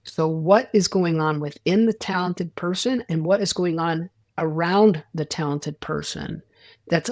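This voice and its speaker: A man's voice: on the high side, dry recording. Rambling man in a dry, close recording. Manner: rambling, restarts, acts out quoted dialogue. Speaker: sports psychologist guest. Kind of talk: casual interview talk.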